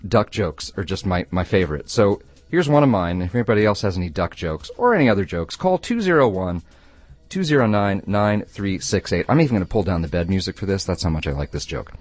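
A man hosting a call-in radio show who tells jokes in a playful, animated way. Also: low-pitched, fairly quick, no room sound, faint music behind. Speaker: radio host.

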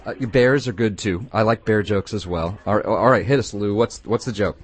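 A man's voice: lowish voice, a little fast, slightly rough, faint music behind. A man hosting a late-night call-in radio show, joking with callers and laughing often. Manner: playful, laughs often, animated.

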